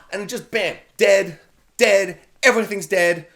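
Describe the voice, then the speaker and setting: A male film reviewer with a notably high voice, ranting through a casual spoiler review. He is animated and sarcastic, swinging between playful jokes and mock outrage. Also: normal speed. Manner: animated, sarcastic, joking asides.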